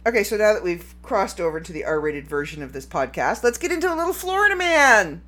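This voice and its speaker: Woman solo podcaster, rambling and giggly, lively swinging pitch, casual chat. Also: brisk. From Canada. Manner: rambling and giggly, breaks into fits of laughter. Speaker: podcast host.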